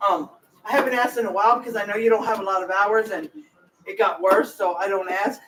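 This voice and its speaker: A woman's voice: mid-range voice, fairly even intonation, fairly quick, fairly bright tone, recorded from a distance, slight background noise, rough recording. A woman home cook chatting casually to her viewers in her kitchen, rambling from one thought to the next. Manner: rambling, talks straight to viewers. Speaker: home cooking vlogger. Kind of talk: casual cooking chat.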